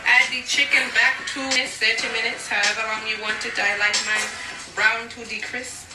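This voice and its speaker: Young woman doing a sing-song put-on Jamaican cooking-show host, homemade video, a bit high, far off in an echoey kitchen, music playing. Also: level tone, natural voice. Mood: playful. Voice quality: sing-song put-on accent, drawn-out phrases. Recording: echoey room, far from the camera mic, music behind.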